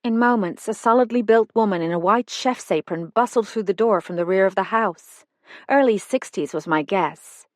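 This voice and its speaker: A woman reading a first-person mystery novel aloud in an even, measured style. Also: medium pitch, no echo, studio quality. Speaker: audiobook narrator. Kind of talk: first-person scripted narration.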